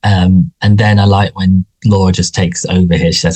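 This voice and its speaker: A man's voice: deep voice, level tone, moderate pace, hardly any pauses, darkish tone. A man co-hosting a podcast, chatting casually and rambling with lots of restarts. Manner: rambling, frequent restarts and fillers. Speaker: podcast co-host. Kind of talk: casual chat about a sitcom.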